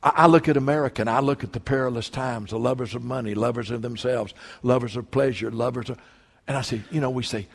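A man preaching a sermon as pastor, reading scripture aloud with fervent emphasis that swells to near-shouting. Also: medium pitch, steady tone, quick pace, creaky. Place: church sanctuary. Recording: long hall reverb.

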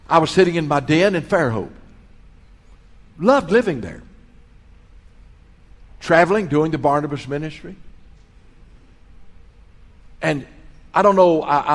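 A middle-aged pastor delivers a sermon. His voice sits a little high and swells on the key phrases. It rings out with the long echo of a large hall. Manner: earnest, storytelling preacher, swells in volume on key phrases. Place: large hall, school auditorium.

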